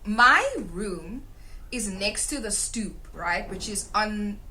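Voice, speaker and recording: Animated South African woman telling a story. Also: medium pitch, slow, a little hiss or hum. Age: young adult. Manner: animated, swears freely, laughs mid-story. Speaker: podcast co-host. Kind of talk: casual storytelling chat.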